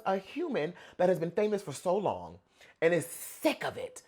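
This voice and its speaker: A young man giving casual pop culture reaction commentary in an animated, gossipy way. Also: sits high, normal speed, slightly rough. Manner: animated, gossipy, dramatic outbursts.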